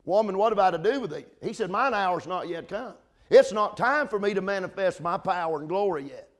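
High-voiced impassioned male preacher. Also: animated, a little fast. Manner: impassioned, building to shouted climaxes; repetitive, with restarts and asides to congregants by name. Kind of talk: sermon.

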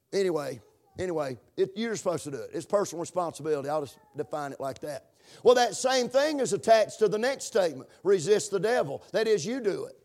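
A man preaching a sermon as pastor, repeating words, stumbling over fillers and swinging into shouts. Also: sits high.

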